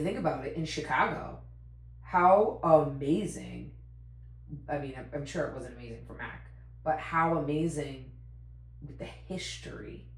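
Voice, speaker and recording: A woman with a fairly low voice hosts a casual podcast chat, telling stories in an animated way and laughing easily. Her voice sounds roomy, with echo from the room around her. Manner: animated, laughs often, acts out quotes. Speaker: podcast host.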